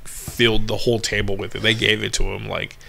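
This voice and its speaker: Gravelly-voiced man telling a story. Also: on the low side, level tone, a little fast, sharp tone. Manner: storytelling with lots of acted-out quotes and laughs; casual, swears freely. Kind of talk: casual chat.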